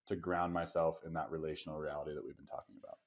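A man with a very low voice hosts a podcast interview. He frames long questions slowly and with some hesitation, often pausing on ums. He responds to his guest in a reflective way. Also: flat delivery. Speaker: podcast host. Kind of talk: interview conversation.

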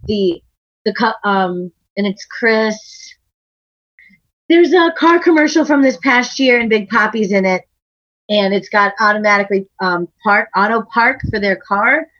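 A woman's voice: medium pitch, unhurried, fairly bright tone, no echo, highs cut off. A woman from Massachusetts co-hosting a podcast in casual chat, chatty and laughing often. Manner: chatty, laughs often, slips into playful put-on accents. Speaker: podcast co-host.

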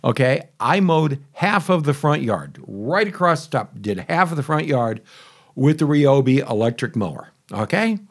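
A man's voice: mid-range voice, expressive, moderate pace. A man telling a casual, rambling story to camera about testing a new mower, chatty and full of asides and grumbles. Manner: chatty, conversational, self-interrupting. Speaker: homeowner reviewing a lawn mower.

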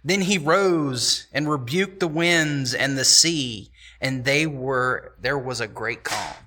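A man's voice: medium pitch, slow pace, sharp tone, slight background noise. A man preaching a sermon, talking to the congregation in a conversational but emphatic way and often repeating his phrases.

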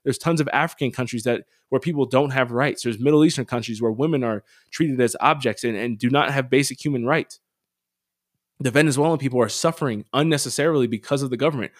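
A man talks in a blunt, opinionated way on his commentary podcast, swearing now and then before turning to earnest encouragement. His voice sits at an ordinary middle pitch. The sound is dry and close, with no room echo. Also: fast. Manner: earnest and exhorting. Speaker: podcast host.

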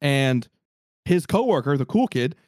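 A man telling a story in casual podcast chat, animated and profane, acting out what people said. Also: mid-range voice, measured pace, no echo, clean studio sound. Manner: animated, profane, acts out quotes.

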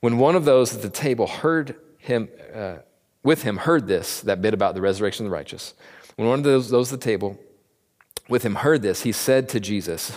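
A man's voice: on the low side, expressive, brisk, a little mellow. A man giving a casual Bible teaching, talking conversationally and acting out quotes in slangy voices, recorded in a church hall. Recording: long reverb of a large room.

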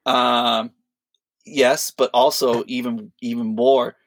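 A man co-hosting a podcast, telling a long story in a rambling, animated way, full of fillers and quoted voices. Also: mid-range voice, slow pace, no echo. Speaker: podcast co-host. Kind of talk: casual storytelling chat.

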